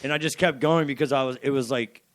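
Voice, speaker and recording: A man's voice: mid-range voice, steady tone, quick pace, no room sound. A man co-hosting a podcast in casual chat, loose and profane, laughing often. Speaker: podcast co-host.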